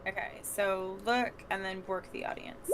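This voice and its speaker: A woman playing a tabletop wrestling game, unhurried and giggly, thinking aloud as she describes her moves. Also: mid-range voice, steady tone, very noisy. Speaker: player. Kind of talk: casual tabletop role-play.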